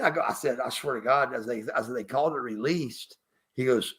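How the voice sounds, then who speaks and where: A middle-aged man with a mid-range voice tells a story as a guest on a podcast, speaking briskly and expressively in a pushed, bright tone. He's emphatic and profane and refers to himself by name in this storytelling interview.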